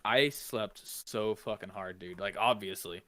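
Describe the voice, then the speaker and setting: A man co-hosting a podcast in casual chat, telling stories in an animated, profane way. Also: lowish voice, unhurried. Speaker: podcast co-host.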